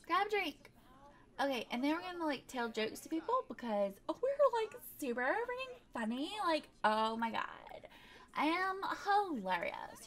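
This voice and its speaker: Woman, high voice, chatty gameplay commentator who talks back to the game, exasperated asides. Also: big pitch swings, moderate pace. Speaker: gaming YouTuber.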